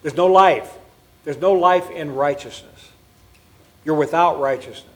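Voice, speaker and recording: A man preaching a sermon in a church, emphatic, often pausing to check in with his listeners. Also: fairly high pitch.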